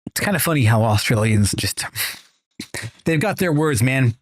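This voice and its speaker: A man's voice: medium pitch, lively intonation, moderate pace, no echo. A man streaming a video game, chatting casually with his viewers, rambling and swearing freely. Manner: rambling, profane, talks to chat. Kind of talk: casual chat while gaming.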